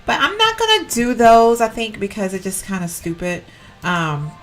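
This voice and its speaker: A woman's voice: fairly high pitch, huge pitch swings, normal speed, soft background music. A woman giving casual, rambling commentary while decorating in a life-sim game, often correcting herself. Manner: chatty, rambling, self-correcting, giggly. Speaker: Sims gameplay YouTuber.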